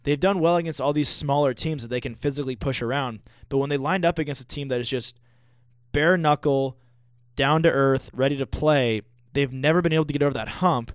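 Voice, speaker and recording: A young man co-hosting a live sports radio show, talking like an excitable fan with big opinions. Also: medium pitch, brisk, clear, resonant tone, no echo, studio quality. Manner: excitable, gloating fan talk. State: out of breath. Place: radio studio.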